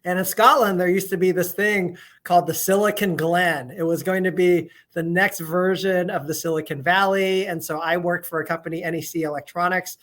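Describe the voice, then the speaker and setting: A man who is a guest on a podcast, chatting casually and telling stories in a lively way. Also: sits high, normal speed, few pauses. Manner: lively storyteller, animated quoted asides. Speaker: guest, FBI agent. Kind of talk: casual interview chat.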